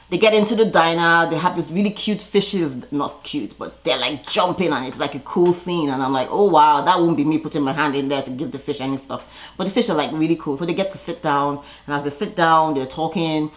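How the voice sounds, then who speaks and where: A woman's voice: low-pitched, fairly quick. A woman vlogger giving a casual, opinionated recap commentary, chatty and full of fillers.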